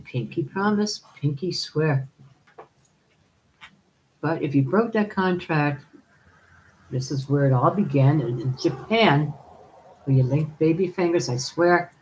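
A woman's voice: sits low, takes it slowly, pauses often, darkish tone, a little hiss or hum, poor audio. A woman hosting a live stream, chatting casually, laughing often and calling viewers darling as she reads their comments.

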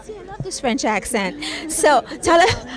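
A woman's voice: sits high, sing-song, moderate pace, crowd noise. A woman hosting red carpet interviews outdoors, gushing with compliments and playful teasing.

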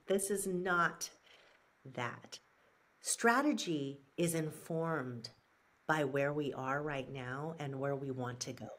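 A woman with a low voice answers an interviewer in an unhurried way. She sounds earnest and reflective, working her thoughts out with restarts and fillers. She takes her time over each point. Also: fairly bright tone. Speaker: guest, brand strategist and author.

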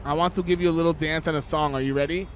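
A man's voice: a little high, steady tone, racing, a little hiss or hum, natural voice. A man voicing a brash, foul-mouthed woman who runs a taco truck, crude and theatrical with shrieking outbursts in game role-play. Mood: flirty.

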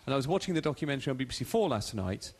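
A man's voice: medium pitch, animated, very fast, a little mellow, slightly rough. A man presenting a live radio show on location at a ballet company, chatty and joking as he interviews guests and reads out listener texts.

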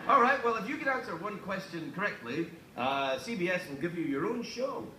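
Man, talk show host, bouncy high voice, teasing banter, roomy studio with background noise. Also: sing-song, fairly quick, pushed and bright. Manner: teasing, jokey, laughs often. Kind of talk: playful late-night banter. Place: TV studio with audience.

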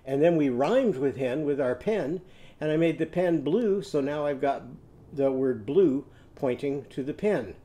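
Slow, sing-song male phonics teacher. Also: on the high side, expressive, mellow. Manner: slow, sing-song modeling of letter sounds. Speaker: literacy teacher. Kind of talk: children's phonics lesson.

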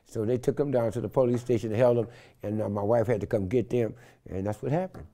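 This older man talks fast at a medium pitch while recounting a wild story as an interview guest. Lively and theatrical, he voices the people in it, shifting loudly for each quote.

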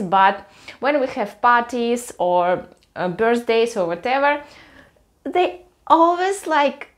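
Russian-accented woman chatting haltingly. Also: fairly high pitch. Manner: halting, searching for words, laughs at herself. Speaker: vlogger. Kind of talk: casual chat to camera.

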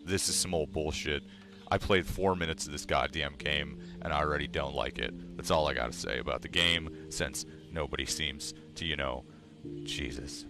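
A young man streaming, ranting loudly and sarcastically with constant swearing. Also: rumbling low, normal speed, over music. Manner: loud, sarcastic, swearing freely. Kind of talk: casual profane stream rant.

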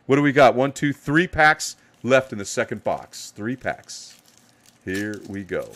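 A man's voice: medium pitch, sing-song, measured pace, a bit bright. A man hosting a live card box break, hyping each card as he pulls it and giving players playful nicknames. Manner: hype, calls out cards with playful nicknames.

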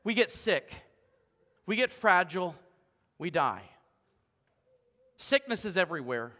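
A middle-aged man, preaching a lively, joking sermon as pastor and swinging between loud calls and hushed asides. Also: sits high, unhurried. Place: church sanctuary. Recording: long hall reverb.

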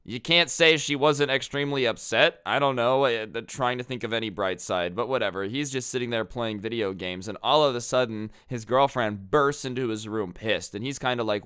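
A man casually telling a storytime video as a YouTuber, chatty and slangy with animated asides. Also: mid-range voice, normal speed, few pauses, clean tone, dry recording, studio quality.

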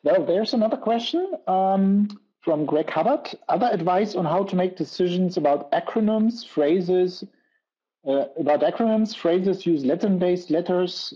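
Woman moderator, hesitant question reading, dark husky voice, muffled online audio. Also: fairly low pitch, expressive, measured pace. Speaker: webinar moderator.

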